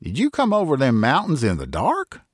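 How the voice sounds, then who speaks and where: A man voicing a talkative rustic country farmer with a folksy backwoods dialect, excitable and superstitious. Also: mid-range voice, normal speed, no echo, studio quality, voice pushed up. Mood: excited.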